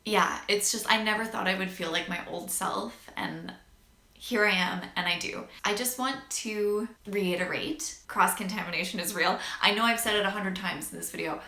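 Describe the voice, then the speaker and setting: A woman's voice: medium pitch, normal speed, gravelly, pushed and bright. Chatty young woman, echoey room. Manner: chatty and candid, lots of "like", gets emotional and laughs. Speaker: vlogger sharing a health story. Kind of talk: casual talk to camera.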